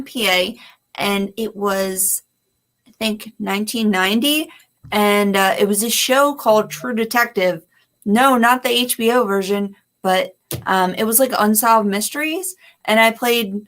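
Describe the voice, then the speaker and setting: Unhurried woman co-host in her thirties. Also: medium pitch, fairly bright tone. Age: 30s. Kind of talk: casual chat.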